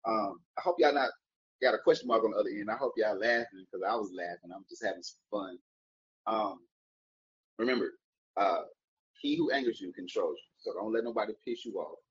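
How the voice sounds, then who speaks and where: A man's lowish, fairly bright voice moves a little fast over dull audio. As a vlogger offering daily encouragement, he chats casually and playfully to camera, rambling with jokes and wordplay and wishing viewers a good day.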